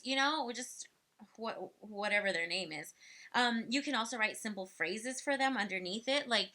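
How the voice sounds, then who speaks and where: A young speech development educator gives parents casual advice on toddler speech, chatty and heavy with fillers, acting out playful lines to children. Her medium-pitched voice is bright and forceful, at normal speed.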